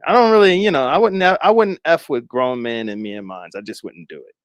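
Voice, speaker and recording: A man's voice: medium pitch, brisk, no echo. A man giving casual, rambling commentary to his viewers, laughing often and speculating. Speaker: commentary streamer.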